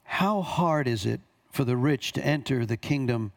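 A man's voice: mid-range voice, moderate pace, gravelly. A man preaching a sermon, reading scripture aloud and commenting on it with emphatic repetition. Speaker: pastor.

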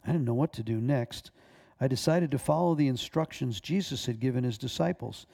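A man who is a minister, reading a personal testimony aloud in a measured way, with small stumbles. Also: medium pitch, gravelly, mellow.

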